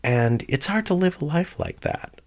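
A middle-aged man telling personal stories in an animated storytelling manner. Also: fairly high pitch, moderate pace. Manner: animated storyteller, voices people in quotes. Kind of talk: personal storytelling and performed tales.

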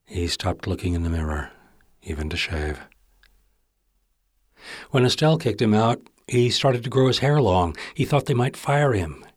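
A man's voice: fairly low pitch, lively intonation, moderate pace, long pauses, no room sound, clean studio sound. A man narrating literary fiction in a wry, intimate storytelling manner.

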